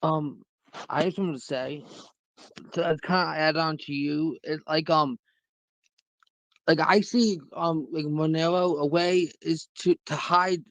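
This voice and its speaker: A man's voice: a little high, fairly even intonation, measured pace, fairly bright tone, no echo, poor audio. A young man in a casual live audio chat, making an earnest point with many fillers. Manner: earnest, hesitant, filler-heavy.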